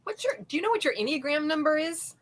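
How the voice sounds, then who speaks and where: Woman guest, a bit high, measured and explanatory in casual chat. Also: lively intonation.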